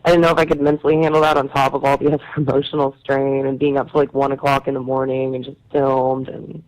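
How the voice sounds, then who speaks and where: A man's voice: medium pitch, flat delivery, fast talker, rough recording. A man interview guest recounting a stressful experience, rambling with nervous laughs. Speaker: guest, reality TV participant. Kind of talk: casual interview chat.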